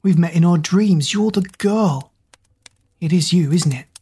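A woman's voice: fairly low pitch, measured pace, warm tone, breathy edge. A woman voicing a frightened young male prince trapped in a tiny doll body, speaking in an anxious, earnest way. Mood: wondering.

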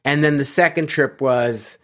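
A middle-aged American man from the United States speaks as a casual interviewee, his medium-pitched voice unhurried and a bit bright. He rambles, full of ums, fillers and restarts.

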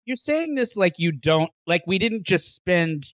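A man's voice: high voice, sing-song, a little slow, a bit bright, no room sound. A man hosting a casual podcast, teasing his co-hosts with dry jokes and mock critiques. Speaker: podcast host.

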